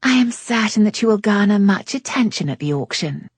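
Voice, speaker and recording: A woman's voice: mid-range voice, expressive, fairly quick, breathy edge, no room sound, voice pushed up. A woman voicing a wry, teasing young woman in an audiobook, speaking in a silken, mocking tone. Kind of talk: audiobook character reading.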